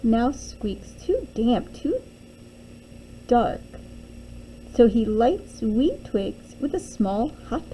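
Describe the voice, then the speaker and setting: A woman's voice: on the high side, big pitch swings, drawn-out words, long pauses, warm tone, slight background noise, rough recording. A young adult woman teacher reading a children's picture book aloud, with sing-song storytelling and little character voices.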